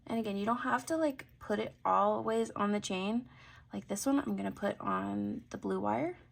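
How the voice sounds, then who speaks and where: Chatty woman with a gravelly voice. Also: mid-range voice, moderate pace. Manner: chatty, thinking aloud, drifting into soft mutters. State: has the hiccups. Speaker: jewelry-making channel host. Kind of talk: casual craft tutorial chat.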